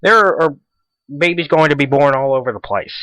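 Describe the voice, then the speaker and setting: A man's voice: a little high, lively intonation, moderate pace, pushed and bright, smooth, no echo, rough recording. A teenage boy hosting a casual school radio show, rambling and repeating himself as he chats. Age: teens. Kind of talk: casual solo radio talk.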